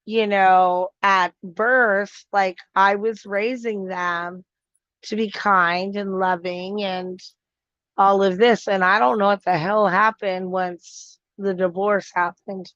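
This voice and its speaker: Woman guest, slow flat delivery, smooth voice, dry and slightly muffled sound. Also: mid-range voice, dry recording. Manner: slow, earnest, hesitant with many fillers. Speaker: guest on the stream, host's partner. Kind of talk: casual conversation.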